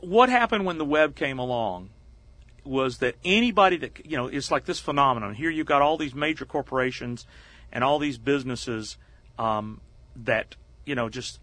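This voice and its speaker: Middle-aged male guest, animated storyteller, bright tone, dry close sound. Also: mid-range voice, normal speed, dry recording. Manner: animated, acts out quoted voices. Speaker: interview guest. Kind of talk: conversational storytelling.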